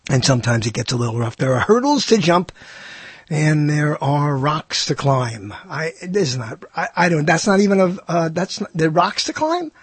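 An older man from New York with a New York accent, hosting a radio talk show in a rambling, self-mocking, theatrical monologue with a husky voice. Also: on the high side, big pitch swings, normal speed, no echo. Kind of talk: casual monologue.

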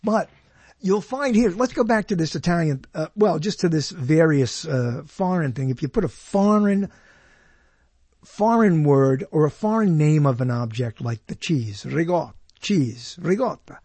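A man's voice: a little high, lively intonation, measured pace, a little mellow, husky, dry recording. A man hosting a radio show, rambling casually and laughing at himself as he goes.

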